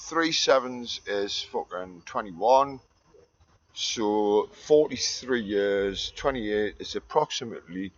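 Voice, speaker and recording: Sweary ranting Geordie man, lo-fi. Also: lowish voice. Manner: sweary, ranting, mutters and then shouts. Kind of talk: profane rambling monologue.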